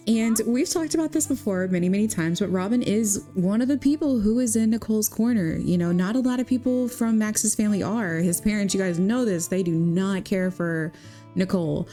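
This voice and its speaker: A young woman narrates a game story in a casual, chatty, giggly way. Her voice is mellow and relaxed rather than bright. Soft plucked guitar plays faintly behind her. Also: medium pitch, a little fast. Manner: chatty, giggly, with many "she's like" quotes. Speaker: gaming vlogger. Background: soft guitar music.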